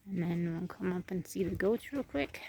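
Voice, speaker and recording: A woman's voice: lively intonation, moderate pace, vocal fry, darkish tone, husky. Chatty woman touring her farm. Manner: chatty, coos to animals in a higher voice. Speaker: homestead vlogger. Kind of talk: casual walking tour narration. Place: outdoors on a farm.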